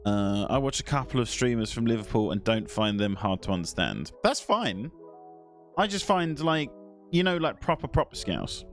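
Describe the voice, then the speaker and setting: Man, casual live-stream host, swears freely, very animated pitch. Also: normal speed, faint music behind. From England. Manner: swears, rambling, talks to chat.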